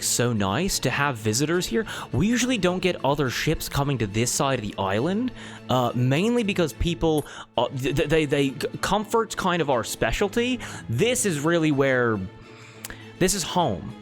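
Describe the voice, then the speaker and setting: A breezy, laid-back young selkie woman, rambling and friendly in a tabletop game, as a man puts her on. The voice sits fairly high and swings lively up and down. Music plays faintly underneath. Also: normal speed. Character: gentle young female selkie twin, surfer-like.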